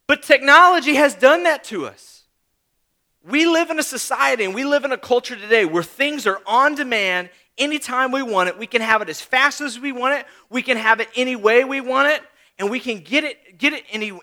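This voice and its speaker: A man's voice: extremely high pitch, bright, forceful tone. A man in his thirties preaching a sermon, talking conversationally with rhetorical questions and repeated phrases. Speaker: pastor.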